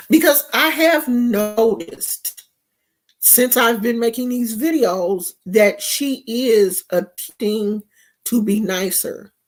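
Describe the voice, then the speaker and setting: A woman, chatting casually and animatedly to her viewers in a vlog. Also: medium pitch. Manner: animated, talks straight to viewers with dialect and asides. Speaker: vlogger.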